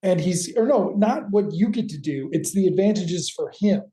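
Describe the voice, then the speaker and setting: A woman co-hosting a podcast, recapping an episode in a wry, deadpan way. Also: on the low side, moderate pace, echoey room. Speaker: podcast co-host.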